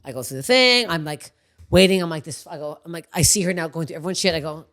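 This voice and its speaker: A woman's voice: sits low, fast talker. A woman in her thirties hosting a podcast, telling stories in a casual chat, acting out people's voices and swearing freely. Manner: animated storytelling, acts out people's voices. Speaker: podcast host.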